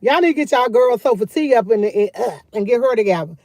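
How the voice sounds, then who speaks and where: A woman's voice: fairly high pitch, lively intonation, quick pace, warm tone, no echo. A woman, live-streaming outdoors on her phone and chatting candidly with viewers, talking freely and repeating herself. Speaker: vlogger live-streaming to chat. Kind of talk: casual live-stream chat.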